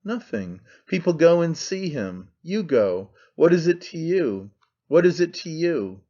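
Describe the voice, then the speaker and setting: A man's voice: fairly high pitch, sing-song, unhurried, dark tone, pitched above the performer's own voice. Man voicing a fervent, trembling zealot. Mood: insistent. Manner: pleading, accusing, intense. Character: frantic, impassioned man, trembling with zeal. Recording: slightly dull lo-fi sound.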